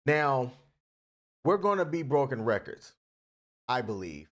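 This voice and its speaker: Playful man with a lively voice. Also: mid-range voice, unhurried. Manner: playful, joking, laughs often. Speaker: podcast co-host. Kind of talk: casual chat.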